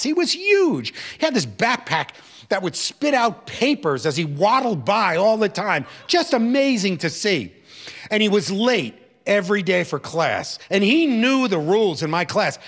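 A man telling a personal story from his teaching life to an audience, acting out the voices of the people in it. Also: fairly high pitch. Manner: animated, acting out quoted voices.

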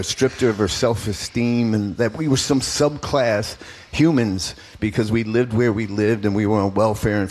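A man's voice: on the low side, a little mellow. A middle-aged man speaking as a political candidate in an interview, telling his story emphatically and earnestly.

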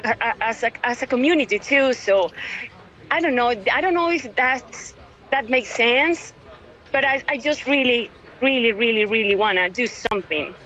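A tearful, overwhelmed woman over a dull, lo-fi phone line. Her voice sits a little high, and she halts and restarts, repeating words as she talks. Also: moderate pace, a bit bright. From Venezuela. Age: 30s. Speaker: caller, local witness. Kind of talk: emotional phone interview.

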